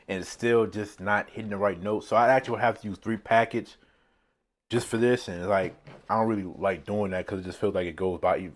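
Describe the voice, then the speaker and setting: Low-voiced man rambling through a meal. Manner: rambling, chuckles often at his own remarks. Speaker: mukbang vlogger. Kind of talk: casual chat while eating. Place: seated indoors at a meal. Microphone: phone on a tripod.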